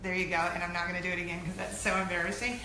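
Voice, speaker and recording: A woman in her thirties hosting a weekly web show, chatting casually to camera in an animated, self-deprecating way. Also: lowish voice, rapid-fire. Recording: echoey room with faint noise.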